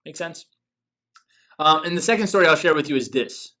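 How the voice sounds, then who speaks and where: A man's voice: a little high, lively intonation, a little fast, pushed and bright. A man hosting a business coaching show, giving an emphatic motivational talk full of rhetorical questions.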